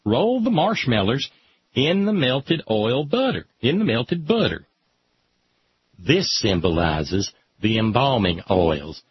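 A man reading aloud with sardonic, deadpan asides. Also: medium pitch, takes it slowly, a little hiss or hum. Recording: dull lo-fi recording.

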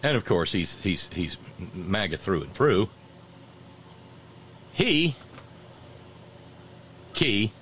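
A man's voice: fairly low pitch, big pitch swings, very slow, long pauses, fairly bright tone, a little hiss or hum. A man hosting a talk show, giving sarcastic, mocking commentary and reading out listener messages.

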